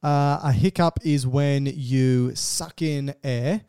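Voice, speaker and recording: Mellow, playful male podcast co-host. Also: mid-range voice, steady tone, takes it slowly, few pauses, clean tone, no echo. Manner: playful, laughs often. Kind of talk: casual podcast banter.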